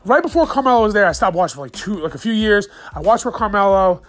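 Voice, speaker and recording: A man's voice: sits high, expressive, fast talker, fairly bright tone. A man in his thirties from the New York area ranting about his sports teams in a casual, profane, heated podcast monologue.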